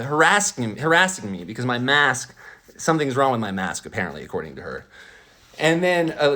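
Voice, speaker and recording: A man telling a story as a podcast host, indignant and animated, acting out both sides of an argument with many restarts and stammers. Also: mid-range voice. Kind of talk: ranting storytelling monologue.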